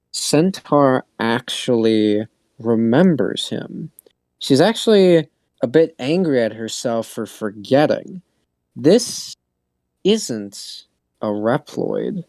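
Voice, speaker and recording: A man narrating as game master of a tabletop game in an unhurried, hesitant way with fillers. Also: mid-range voice, a little mellow, dry recording.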